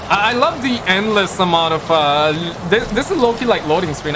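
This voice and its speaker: A Pakistani man whose first language is Urdu chats casually on a live stream, joking, rambling and using playful slang as he reads viewer comments aloud. His high voice has lively intonation, at normal speed with few pauses, against a noisy background.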